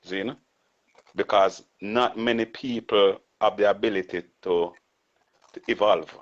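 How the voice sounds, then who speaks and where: A man's voice: fairly low pitch, steady tone, unhurried. A middle-aged man with a Jamaican accent, talking reflectively as an interview guest and often closing on a tag question. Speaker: guest artist. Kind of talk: casual interview talk. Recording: muffled lo-fi audio.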